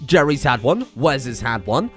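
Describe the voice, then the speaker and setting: A man's voice: medium pitch, sing-song, normal speed, fairly bright tone, soft background music. A man hosting a let's play, rambling and self-mocking with plenty of swearing. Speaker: gaming channel host.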